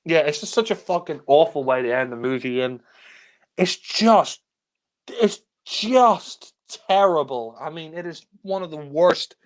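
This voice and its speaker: A man's voice: fairly high pitch, a little fast, few pauses, darkish tone. A young man ranting in exasperation about a film he hates, swearing often in a casual review chat.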